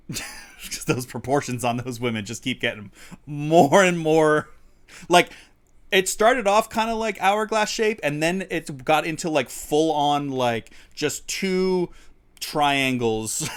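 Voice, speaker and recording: A man co-hosting a livestreamed talk show, rambling along with lots of ums and uhs. He laughs often as he talks, and his pitch sits in an ordinary middle range. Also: a bit bright. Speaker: podcast co-host. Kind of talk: casual chat. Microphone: studio mic on a livestream.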